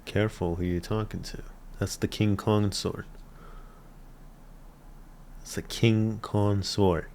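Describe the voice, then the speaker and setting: Reaction host, male, slow-talking, drawls and then yells and swears at the screen. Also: fairly low pitch, fairly even intonation, slight background noise. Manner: swears freely, laughs, shouts at the screen. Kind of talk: casual TV reaction commentary.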